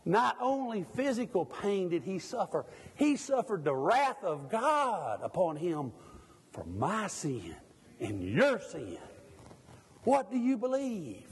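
Middle-aged preacher, fervent, questions the congregation, lively high delivery, echoing in a church. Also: male voice, slow pace, breathy edge. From Mississippi, USA. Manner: fervent, asks the congregation pointed questions, jokes at himself. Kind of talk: sermon.

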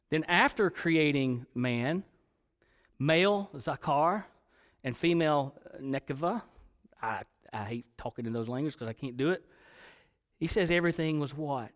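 A man's voice: on the high side, clean tone. A man preaching a sermon to a congregation, reading scripture and building to emphatic points. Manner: preaching with rising emphatic passages. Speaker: pastor. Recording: long hall reverb.

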